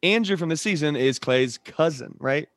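A man hosting a casual podcast, upbeat and quick with frequent laughter. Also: a little high, animated, dry recording. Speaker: podcast host.

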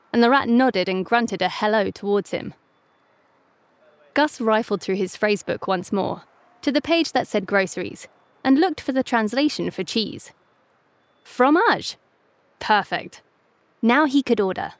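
Female storyteller, playful and expressive, dry close sound. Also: fairly high pitch, dry recording. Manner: lively, playful reading. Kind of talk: children's story narration.

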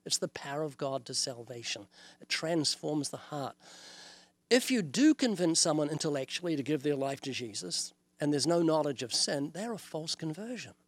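An older man with a New Zealand accent, a guest on an interview show, explaining his message earnestly and acting out little dialogues as he goes. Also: a little high. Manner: earnest, illustrative, quotes scripture and acts out dialogues. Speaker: evangelist guest. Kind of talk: preaching in an interview.

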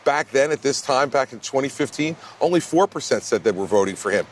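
A man's voice: mid-range voice, expressive, a little fast. A man, a presidential candidate answering questions in a blunt, emphatic way in a TV news interview. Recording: faint background noise.

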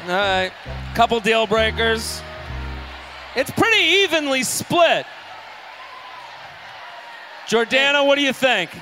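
A man's voice: extremely high pitch, big pitch swings, slow pace, pauses often, sharp tone, soft background music. A man hosting a live comedy show, joking and swearing as he banters with the crowd. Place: live venue with audience.

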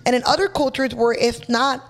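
Young woman from los angeles, fairly high voice, talks fast and loose, swears a lot, storytelling in an interview. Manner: energetic, swears freely, mixes in a second language. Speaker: guest artist.

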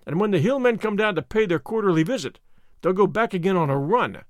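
A man voicing a bold, boastful young American consul in an audiobook, making forceful declarations. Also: high voice, animated, a little fast, no room sound, studio quality, voice pushed up. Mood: fierce.

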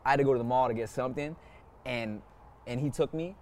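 A man's voice: mid-range voice, fast, slight background noise. A man hosting a casual podcast, telling a childhood story and laughing as he goes. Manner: relaxed storyteller, laughs mid-sentence, acts out quotes. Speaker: podcast host.

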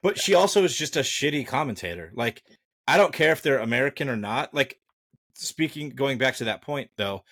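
A man co-hosting a casual podcast, blunt and animated, rambling with fillers as he talks. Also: mid-range voice, a little fast, slightly rough. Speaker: podcast co-host.

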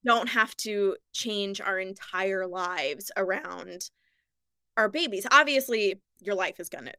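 Woman podcast host, bright voice, higher pitch, upbeat, casual chat, dry close sound. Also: slow pace, no room sound.

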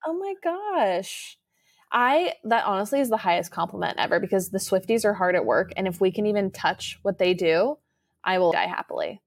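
A young woman co-hosting a podcast in casual chat, animated and playfully dramatic. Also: medium pitch, fairly quick, gravelly, dry recording, studio quality. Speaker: podcast co-host.

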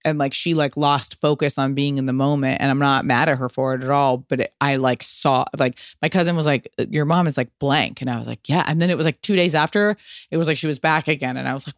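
A woman's voice: sits low, a little fast, no room sound, studio quality. A woman in her thirties hosting a podcast, telling a story in a chatty way, full of "like" and casual swearing. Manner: chatty, frequent "like" fillers and swearing. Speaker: podcast host.

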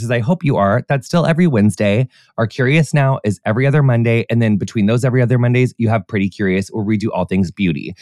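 A man's voice: mid-range voice, darkish tone, dry recording, clean studio sound. A man hosting a podcast who reads ads and introduces the news in an effusive, campy way, full of "like" and "honey". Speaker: podcast host.

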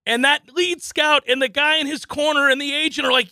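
Sports talk co-host, male, high bright voice, animated storyteller acting out voices, dry studio sound. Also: brisk, hardly any pauses, no echo. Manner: animated storyteller, acts out voices, laughs often.

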